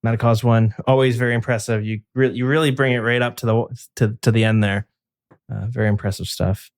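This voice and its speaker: A man's voice: medium pitch, little pitch movement, brisk, dry recording, clean studio sound. A man co-hosting a podcast in casual chat, rambling and restarting his sentences as he tells stories. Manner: rambling, chatty, frequent restarts and fillers. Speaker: podcast co-host.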